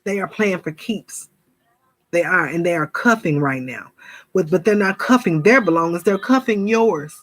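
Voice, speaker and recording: A woman's voice: on the low side, animated, normal speed. A woman, talking straight to her viewers in a fervent casual sermon, calling them y'all and now and then mimicking gossiping people. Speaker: spiritual vlogger. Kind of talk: casual preaching monologue to viewers.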